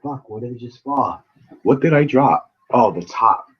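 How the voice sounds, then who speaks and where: A man's voice: medium pitch, expressive, normal speed, breathy edge, dull audio. A man hosting a vaping channel, chatting casually and rambling to viewers by name, often swearing. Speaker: vape channel host. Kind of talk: casual live chat while building coils.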